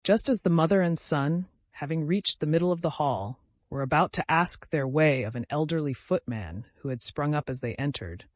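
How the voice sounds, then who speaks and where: A man's voice: on the high side, lively intonation, normal speed, hardly any pauses, no echo. Man narrating a classic novel, dry sound. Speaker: audiobook narrator. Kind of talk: scripted narration.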